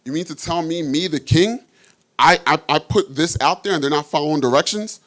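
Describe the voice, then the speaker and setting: A man's voice: on the high side, fairly quick, a bit bright, pitched above the performer's own voice, lightly acted. A man voicing an indignant, boastful ancient king who is incredulous at being defied. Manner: blustering, incredulous.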